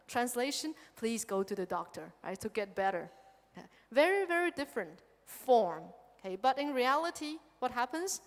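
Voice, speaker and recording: A Buddhist nun giving a dharma lecture on a sutra, lively and engaging, often checking in with her listeners by asking "okay?". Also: on the high side, moderate pace. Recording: long hall reverb.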